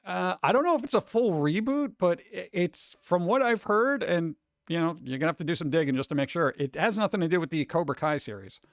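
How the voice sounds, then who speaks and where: A man's voice: fairly high pitch, brisk, dry recording, clean studio sound. A man hosting a casual stream, rambling through news with sarcastic, mocking asides. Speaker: streamer host. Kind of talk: casual chat.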